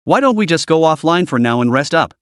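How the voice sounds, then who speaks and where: A man narrating a storybook recap who voices a caring adult woman with a concerned, gentle manner. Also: fairly high pitch, big pitch swings, brisk, clear, resonant tone, no room sound, studio quality.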